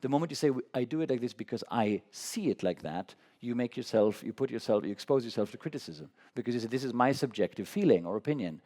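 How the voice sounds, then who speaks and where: Fast, passionate man, stumbling restarts. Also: medium pitch, expressive, mellow. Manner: talks too fast, admits it. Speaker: conductor. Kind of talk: public conversation on stage. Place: academy meeting hall.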